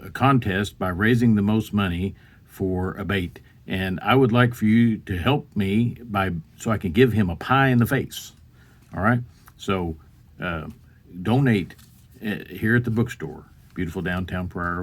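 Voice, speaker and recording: A man reading a picture book aloud in a bookstore, playfully breaking into loud high animal noises. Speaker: storybook reader.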